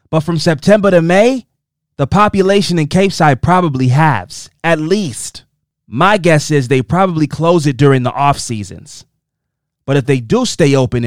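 A man putting on a loud mock Boston accent. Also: fairly high pitch, dry recording, clean studio sound, close to an everyday voice. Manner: raised, emphatic reading voice. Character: loud, chatty Boston-accented fan reading a letter.

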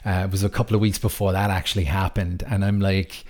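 A man's voice: low-pitched, flat delivery, fast talker, darkish tone. An Irish man hosting a casual interview, enthusiastic, with many stumbling restarts. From Ireland. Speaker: podcast host. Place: lives in Switzerland.

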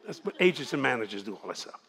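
A man in his seventies with a Louisiana Cajun accent, preaching to a congregation in a folksy, animated storytelling way. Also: mid-range voice, fast, creaky, slightly rough.

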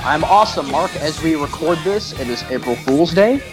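Animated man telling a comic story. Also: on the high side, normal speed, over music. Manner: animated, teasing, self-mocking storyteller. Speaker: podcast co-host. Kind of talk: casual chat, comic storytelling.

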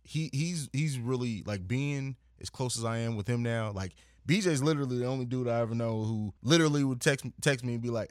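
A man's voice: medium pitch, a little fast, few pauses, dry recording, studio quality. A man speaking as a podcast guest in casual, reflective chat, earnest and thoughtful. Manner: earnest, reflective, with frequent restarts.

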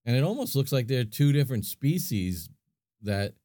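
Co-hosting a podcast, this man talks in a relaxed way, musing aloud with frequent filler words. He sounds very animated at a normal speed, with a mellow mid-range voice. The sound is dry and of studio quality.

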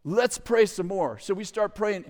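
A middle-aged man telling a story to an audience in a lively way, with loud bursts, acted quotes and chuckling asides. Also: high-pitched, unhurried. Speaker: ministry leader telling a story. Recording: long hall reverb.

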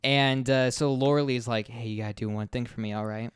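A man's voice: mid-range voice, fairly even intonation, brisk, clean tone, no echo, clean studio sound. A man co-hosting a podcast, casually retelling a movie's scenes, swearing freely and slipping into mock quotes of the characters. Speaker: podcast co-host. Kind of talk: casual movie recap chat.

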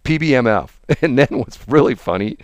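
With a smooth voice and lively intonation at a moderate pace, a male co-host chats about politics, laughing often while he mocks others and imitates them in high-pitched voices as he tells a story. There's no echo on the audio.

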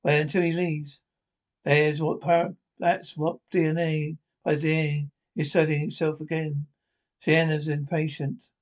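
Halting man retelling a story. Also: fairly high pitch, little pitch movement. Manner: halting, with restarts and ad-libbed asides. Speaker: reader retelling a TV episode. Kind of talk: informal plot narration.

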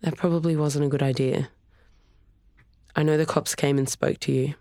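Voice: medium pitch, fairly even intonation, moderate pace, warm tone, no echo, natural voice. A wary young woman, read by a narrator speaks in short, clipped lines. The voice sits close and dry. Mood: tense. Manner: clipped, snapping. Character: tense young woman, a pro surfer.

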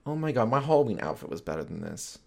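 A man's voice: mid-range voice, very animated, fast, creaky. A man hosting a solo podcast, rambling casually and swearing freely between jokes. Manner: rambling, profane, joking. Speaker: podcast host.

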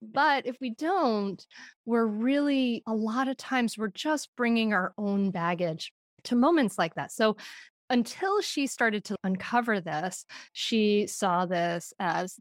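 Woman guest on a parenting podcast, animated storyteller, laughs a lot, dry close sound. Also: fairly high pitch, slow pace, no echo. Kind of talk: podcast conversation.

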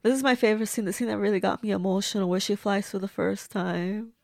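A woman's voice: mid-range voice, steady tone, fast talker, gravelly, a little mellow, dry recording, studio quality. A woman reacting to a movie as she watches it, gushing and blunt, talking back at the screen. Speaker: movie reviewer. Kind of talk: casual movie reaction commentary.

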